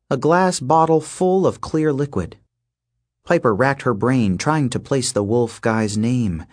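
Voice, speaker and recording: Reading from a script, a man narrates an audiobook in a lowish voice, his storytelling calm, steady and measured.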